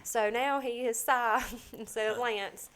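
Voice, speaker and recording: A woman with a drawl speaks as a podcast guest. She tells a deeply personal story, halting often and leaning on soft fillers as she gathers herself. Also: fairly even intonation. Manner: halting, with many pauses and fillers.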